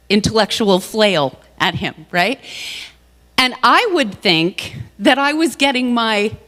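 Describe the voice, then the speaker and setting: A woman gives a sermon in the form of personal stories. She talks in an animated, self-mocking way and laughs often. Her voice carries with the long reverb of a large hall. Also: mid-range voice. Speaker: guest speaker at a church service. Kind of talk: storytelling sermon.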